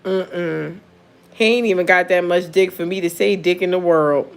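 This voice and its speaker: Speaking fairly fast in a low-leaning voice, a woman who reads tarot shares a story over casual conversation. She's blunt and profane and often breaks into laughter.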